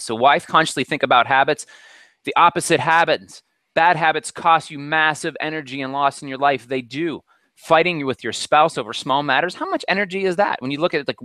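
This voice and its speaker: A man giving a motivational talk over a video call, energetic and preachy, with many fillers. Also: medium pitch, no room sound. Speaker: presenter.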